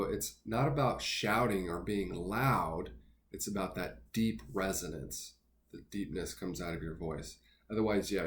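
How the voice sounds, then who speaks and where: A man teaching singing basics in a relaxed, step-by-step way, pausing with fillers between his explanations. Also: on the low side, a little hiss or hum. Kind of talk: instructional talk with sung demos.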